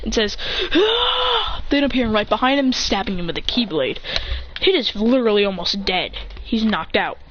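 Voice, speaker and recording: A woman's voice: mid-range voice, expressive, brisk. Lady hyped up telling a fight story, voice bouncing all over, muffled with noise. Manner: breathless, acts out sound effects. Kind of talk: excited retelling of a fan fight story. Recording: muffled and noisy.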